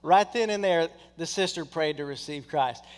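A man preaching a sermon, telling a story in a lively way and acting out the people in it. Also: a little high, moderate pace, clear, resonant tone. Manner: animated, acts out quoted people in his stories. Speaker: pastor. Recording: long hall reverb.

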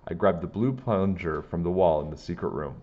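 A man reading a children's chapter book aloud with plain, steady storytelling. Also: low voice, a little fast, breathy edge, highs cut off.

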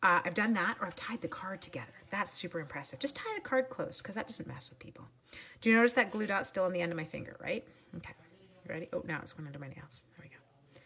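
A woman's voice: on the low side, expressive, quick pace, bright, forceful tone. A middle-aged woman from Canada leading a live card-making demo, chatty and jokey, greeting viewers by name and slipping into whispers. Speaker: stamping demonstrator.

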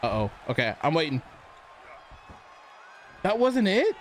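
A man hosting a gaming channel, giving excitable let's play commentary and talking back to the characters on screen. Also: a little high, unhurried, some chatter behind. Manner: excitable, reacts loudly to the game, talks to characters. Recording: clear background noise.

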